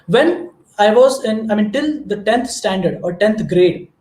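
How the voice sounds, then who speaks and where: An Indian man, a native Marathi speaker, delivers an earnest motivational talk and often restarts his sentences as he goes. His voice sits high for a man. The recording has a roomy, echoing sound. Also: animated, a little slow, a little mellow. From Maharashtra, India. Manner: earnest, storytelling, frequent restarts. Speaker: guest speaker.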